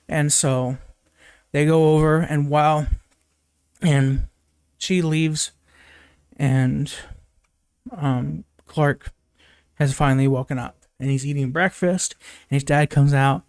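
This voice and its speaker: Young male reviewer, slightly high voice, dry close sound, rambling casual recap with lots of fillers. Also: steady tone, slow, pauses often, darkish tone, clear, resonant tone, no room sound. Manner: rambling, many fillers and restarts, jumps high when quoting characters; laughs often, swears casually. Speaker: movie reviewer. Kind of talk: casual spoken movie recap.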